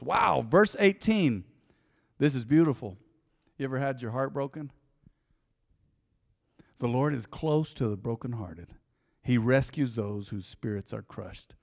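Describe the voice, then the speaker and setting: Emphatic preacher with a reverberant sound. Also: male voice, medium pitch, animated, measured pace, gravelly, pauses often. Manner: swings from emphatic to soft and reflective, talks to listeners directly. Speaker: pastor. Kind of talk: devotional Bible teaching.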